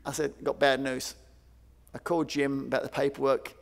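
A man giving a conference keynote, telling stories in an animated way and acting out quoted voices. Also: mid-range voice, moderate pace, gravelly. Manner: animated, acts out quoted voices, many fillers. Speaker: keynote speaker. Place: large conference hall. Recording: long hall reverb.

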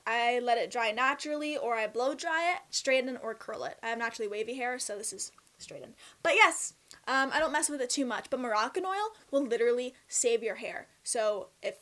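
Bubbly high-voiced Canadian woman vlogger. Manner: bubbly, chatty and expressive, with laughs and emphatic swings. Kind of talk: casual Q&A vlog.

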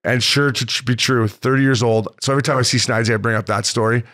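A man's voice: medium pitch, fast talker. A man in his thirties, a former hockey player co-hosting a podcast, telling stories in casual chat with plenty of swearing. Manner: swearing, animated retelling of encounters.

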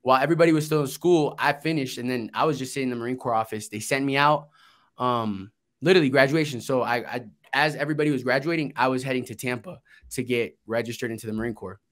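Man guest, grew up in Florida, easygoing storyteller, salty language, plays out conversations, average pitch. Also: fast, a bit bright. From Florida, United States. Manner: laid-back, swears, acts out quoted dialogue. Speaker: guest, investing entrepreneur. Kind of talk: casual storytelling interview.

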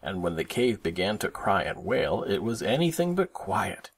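A man reading a children's storybook aloud for his kids, expressive and animated. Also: low-pitched, moderate pace, breathy edge.

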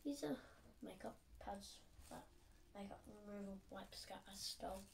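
A teenage girl from Australia with an Australian accent, rambling fast and mocking herself in a casual vlog while tidying her bedroom, often dropping to a whisper. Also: medium pitch, creaky. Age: teens. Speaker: vlogger. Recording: distant phone mic with background hiss.

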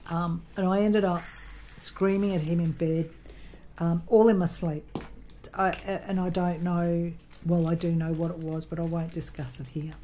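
An Australian woman chats at her craft desk at home, her voice sitting a little low. She rambles through a personal story, full of ums, restarts and corrections. A faint hiss hangs behind her. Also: level tone, moderate pace, dark tone, rough recording. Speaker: crafting vlogger. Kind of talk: casual chat while crafting.

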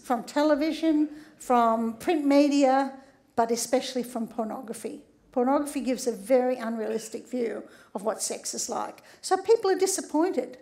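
A woman's voice: high-pitched, a little mellow. A middle-aged woman with an Australian accent, a sex therapist and doctor giving a humorous public lecture and often checking in with the audience.

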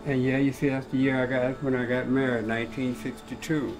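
A man's voice: mid-range voice, level tone, a little fast, over music. An older man telling his life story in a casual, colloquial interview and acting out the voices of people he quotes. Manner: colloquial, laid-back, acts out quoted voices. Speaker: interviewee, cowboy.

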